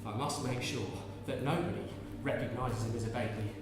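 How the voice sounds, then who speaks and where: Speaking fairly quickly at medium pitch, with fairly even intonation and a near-everyday sound, a man performs a stage monologue as a distraught peasant mother gripping her baby. Tender cooing and fervor give way to shouted curses, picked up far off by a stage mic in an echoey, large theatre hall.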